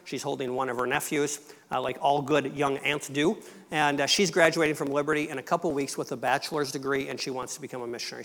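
A man's voice: a little high, fairly bright tone. Missionary man speaking in an echoing church. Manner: conversational, storytelling, light humor. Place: church sanctuary.

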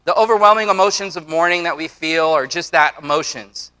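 A man's voice: a little high, fairly quick, pushed and bright, clean tone. A man in his forties preaching a sermon to a church congregation, earnest, with repetitions and casual asides. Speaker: pastor.

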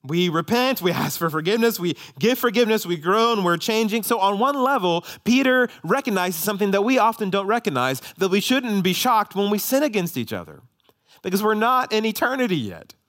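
A pastor delivers a sermon in a church, building from relaxed anecdotes into emphatic teaching. His voice sits a little higher than most men's. He speaks with conversational ease, leaning into rising emphasis as his points land. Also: fairly quick. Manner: prayer turning to lively storytelling sermon. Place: church sanctuary.

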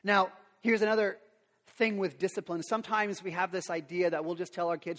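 A middle-aged man preaching a sermon as a pastor, animated, acting out quotes and sound effects. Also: sits high, a little fast. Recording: long reverb of a large hall.

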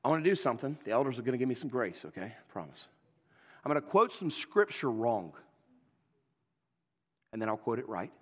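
A man preaching a sermon in an emphatic, folksy, repetitive way. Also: mid-range voice. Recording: long hall reverb.

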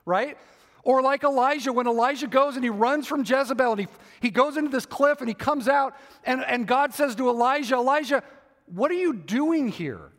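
A man's voice: extremely high pitch, brisk, fairly bright tone, long reverb tail. A man preaching a sermon, who restates his points again and again and asks the congregation rhetorical questions. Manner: repeats and rephrases for emphasis, asks rhetorical questions.

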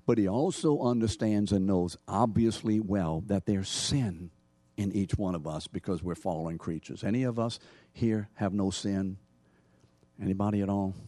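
A man preaching a sermon with forceful emphasis, his voice low and warm. He swings between rising, stressed phrases and quieter drops. The sound is close and dry. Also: no echo. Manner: emphatic preaching, rising and falling in pitch and loudness. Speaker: pastor.

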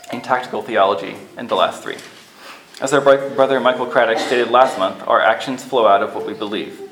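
Man preacher, earnest and measured, middle pitch, faint room ambience behind. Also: a bit bright, a little hiss or hum, low-quality recording. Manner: earnest, measured, briefly acts out quoted lines. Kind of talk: sermon.

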